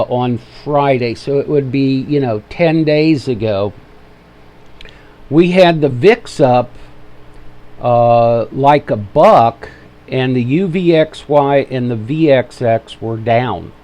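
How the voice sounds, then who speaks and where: A man's voice: medium pitch, slow pace, dark tone. A man with an Ohio accent hosting a casual live trading webinar, easygoing and joking with viewers while he sets up his microphone. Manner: easygoing, joking, fiddly with mic levels. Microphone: desk microphone he adjusts.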